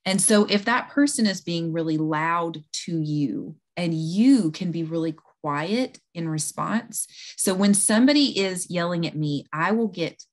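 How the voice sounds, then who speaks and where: A woman's voice: fairly low pitch, animated, unhurried, hardly any pauses. A woman in her thirties, a conversation coach, explaining earnestly in a podcast interview and acting out quoted lines.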